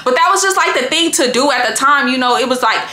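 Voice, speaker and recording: A woman telling a personal story to viewers in a casual, profane and animated way. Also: high voice, quick pace. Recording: roomy echo.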